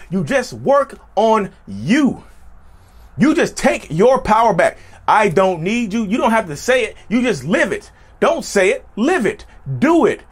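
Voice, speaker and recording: A man's voice: sits high, breathy edge. A man hosting his own channel in a casual monologue, repeating his points and calling his viewers "y'all", his voice sometimes cracking. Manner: animated, repeats phrases, addresses viewers as y'all. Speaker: YouTube channel host.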